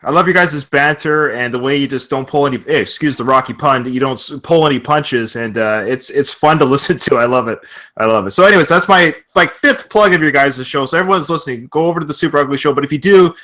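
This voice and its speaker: A man from Canada hosts a podcast over a remote call, chatting loosely and laughing often. His voice is bright and forceful, sitting in a middle pitch. He gushes, doubles back and rambles. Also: quick pace. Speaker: podcast host. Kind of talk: casual podcast chat.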